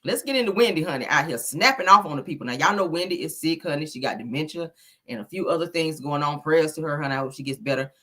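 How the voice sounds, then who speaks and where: A woman's voice: low voice, animated, fast talker, fairly bright tone. A woman hosting a gossip channel, chatting casually and gushing, calling her viewers honey and child. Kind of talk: casual commentary.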